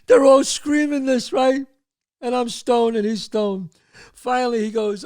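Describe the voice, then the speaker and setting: A man's voice: very high-pitched, a little slow. A man in his sixties from the Bronx with a New York accent, hosting a show and telling a story from his past, acting out the people in it. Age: 60s. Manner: animated storyteller, shouts out quoted voices. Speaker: show host. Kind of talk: storytelling monologue.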